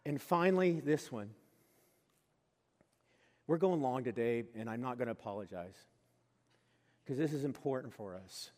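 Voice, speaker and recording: A man preaching a sermon as pastor, earnest and conversational, dropping to soft asides and then rising to loud emphatic lines. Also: mid-range voice, lively intonation, moderate pace, long pauses. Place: church sanctuary. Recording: long reverb of a church hall.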